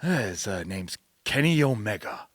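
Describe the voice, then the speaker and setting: A man briefly imitating a gruff, blunt older male wrestling promoter, with curt, sweary lines full of ums. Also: on the low side, sing-song, moderate pace, fairly bright tone, no room sound.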